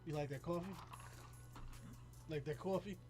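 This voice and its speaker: A man co-hosting a casual talk show, speaking quietly in short reactions. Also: on the high side, moderate pace, breathy edge, faint music behind. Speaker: podcast co-host. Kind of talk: casual chat.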